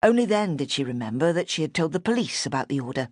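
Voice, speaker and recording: Woman audiobook narrator, low deep voice, measured and even, dry close-mic studio sound. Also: dry recording. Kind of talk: scripted narration of a mystery novel. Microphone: close studio microphone.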